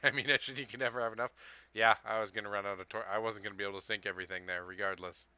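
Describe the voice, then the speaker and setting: A man's voice: lowish voice, steady tone, rapid-fire, pushed and bright, clear, resonant tone, dry recording, highs cut off. A man streaming a game live, commenting casually as he plays, chatting to viewers and chuckling often. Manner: chuckles often, chats to viewers while playing.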